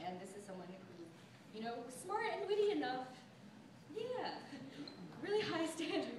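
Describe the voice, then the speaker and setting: A young woman gives a maid of honor toast in a casual, chatty way, full of little laughs and fillers. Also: mid-range voice. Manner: chatty, giggly, filler-heavy. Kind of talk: wedding toast. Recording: echoey, distant mic, background noise.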